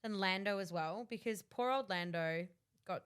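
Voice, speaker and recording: A young woman co-hosting a podcast, animated and casually swearing. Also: mid-range voice, moderate pace, clear, resonant tone. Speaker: podcast co-host. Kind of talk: casual chat.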